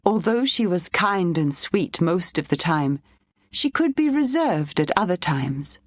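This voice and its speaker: A woman narrating a children's storybook in a clear, even reading voice. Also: fairly low pitch, unhurried, no room sound, clean studio sound.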